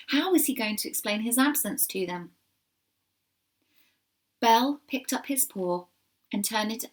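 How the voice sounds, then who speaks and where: A woman reading a children's storybook aloud, expressive, with small slips and asides to her listeners. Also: mid-range voice. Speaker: reader.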